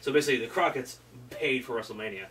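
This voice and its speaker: A man's voice: mid-range voice, fast, a bit bright. A man co-hosting a casual wrestling history chat, rambling loosely and swearing now and then. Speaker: podcast co-host. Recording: distant mic with faint room noise.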